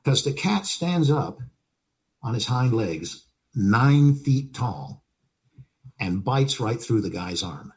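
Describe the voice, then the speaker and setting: A man's voice: mid-range voice, sing-song, slow. An older man, an actor and interview guest, telling stories vividly, acting out moments and repeating phrases for effect. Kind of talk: animated anecdote telling.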